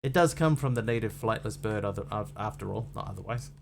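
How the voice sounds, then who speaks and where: A man's voice: on the low side, fast, gravelly, slight background noise. A man who grew up in Australia, speaking with an Australian accent, chatting casually on a live game stream, reading chat and trivia with playful puns.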